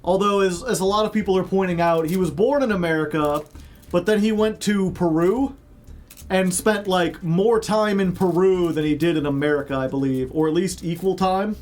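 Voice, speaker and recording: A man's voice: high voice, moderate pace, a little mellow. Rambling man chatting on a stream. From Chicago. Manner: rambling, many "like" fillers and joking asides. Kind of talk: casual chat with stream viewers.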